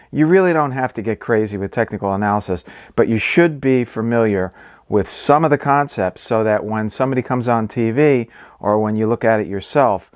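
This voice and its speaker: A man's voice: on the low side, no room sound, clean studio sound. A man hosting an investing channel, explaining stock basics in casual talk full of ums, okays and restarts. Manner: conversational, many ums and okays.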